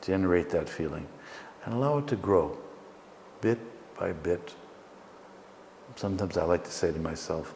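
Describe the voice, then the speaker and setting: A man teaching and leading a guided meditation, speaking slowly and gently in a soothing way. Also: low voice, lively intonation, vocal fry, long reverb tail, slight background noise. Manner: slow, gentle, soothing guidance.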